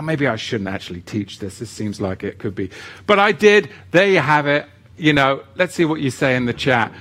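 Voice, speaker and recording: A man's voice: fairly high pitch, vocal fry, bright, forceful tone. A man teaching a live-streamed lesson who reads the chat and greets viewers by name, with playful asides. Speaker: livestream teacher.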